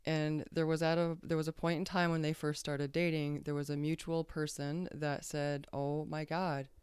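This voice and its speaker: A woman's voice: low voice, little pitch movement, moderate pace, a little mellow, clear, resonant tone, no room sound, studio quality. A woman guest on a podcast telling a personal story casually, rambling and hesitant with many fillers and restarts.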